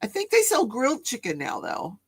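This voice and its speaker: A woman's voice: high-pitched, wildly swooping pitch, a little fast, slightly rough, dry recording. A woman co-hosting a casual chat, chiming in with short responsive remarks. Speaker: co-host.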